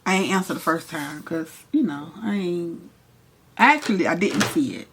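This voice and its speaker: A young woman, casually telling a profane, animated story while doing her makeup. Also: fairly low pitch, normal speed, noisy background. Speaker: hairstylist and vlogger.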